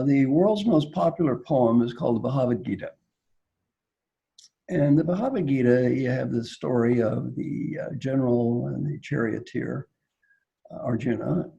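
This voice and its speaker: Over dull audio, a gravelly mid-range voice with a breathy edge belongs to an executive coach leading an online Q&A. He's an animated storyteller who acts out characters as he coaches leaders through his stories.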